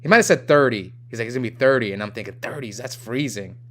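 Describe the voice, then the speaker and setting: A man's voice: mid-range voice, expressive, very fast, slight background noise. A young man from the United States hosting a live game stream, chatting casually and reading viewer comments aloud in a rambling way. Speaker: livestream host.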